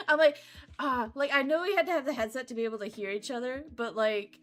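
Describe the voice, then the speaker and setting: A young woman VTuber chatting casually, telling a story in an animated way, with frequent laughs and casual swearing. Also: high voice, quick pace. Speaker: VTuber streamer. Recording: faint background music.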